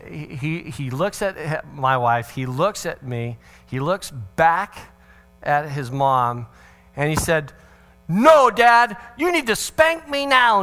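A middle-aged man giving a parenting talk, telling a family story with humor and acting out the voices of the people in it. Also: on the high side. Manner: animated, acts out family dialogue with swings of voice; humorous, sarcastic asides. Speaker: parenting seminar speaker.

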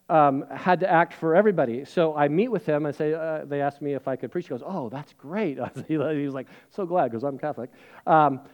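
A middle-aged male pastor preaches a sermon, sharing a personal story in a chatty, self-deprecating manner full of fillers and lowering to a hushed voice at serious moments. His pitch is fairly high, and the recording sounds muffled.

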